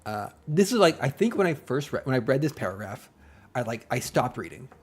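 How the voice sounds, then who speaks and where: Very animated and fairly quick, this man speaks in a mid-range, darkish, slightly rough voice during a casual live stream. His talk meanders through self-deprecating jokes and asides, over faint background music.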